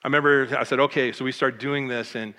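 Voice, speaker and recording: A man's voice: mid-range voice, fast, long reverb tail. A middle-aged man from Michigan, a pastor, telling his life story with emotion and acting out the voices of the people in it. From Michigan, USA. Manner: animated, emotional, acts out quoted voices. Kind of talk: personal testimony storytelling.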